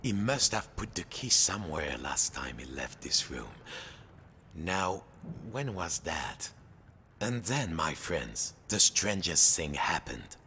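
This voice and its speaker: A man's voice: sits low, sing-song, slow, bright, forceful tone, slight background noise. A man narrating a game story in a playful, theatrical storybook manner.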